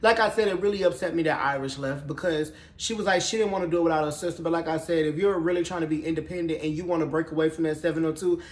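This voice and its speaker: A man recapping a TV show episode in casual, gossipy chat, sassy and profane, with animated storytelling. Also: on the high side, fast talker, few pauses. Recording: roomy echoey room.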